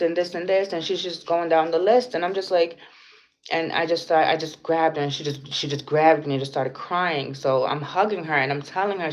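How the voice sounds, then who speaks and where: A woman's voice: low voice, steady tone, moderate pace. A young woman on a livestream telling a story from her day, blunt and profane, with lots of fillers. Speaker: vlogger. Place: indoors at home. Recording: slightly dull lo-fi sound with faint noise.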